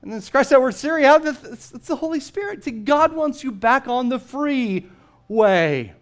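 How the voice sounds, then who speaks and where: A male pastor giving a sermon, telling a story in a lively way and often repeating his first words. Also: extremely high pitch, unhurried. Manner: storytelling, animated, repeats words when starting.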